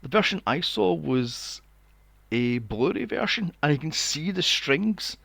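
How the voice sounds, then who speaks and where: A man's voice: a little high, lively intonation, measured pace, vocal fry, a bit bright, no echo. A man in his forties, co-hosting a podcast, ranting sarcastically and swearing while reviewing a movie. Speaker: podcast co-host. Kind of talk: casual movie review chat.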